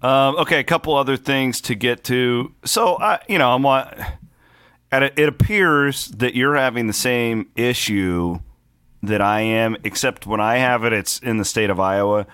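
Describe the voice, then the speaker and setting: A man's voice: medium pitch, moderate pace, a bit bright, clean tone, no echo, studio quality. A man co-hosting a sports podcast, chatting casually with wry asides.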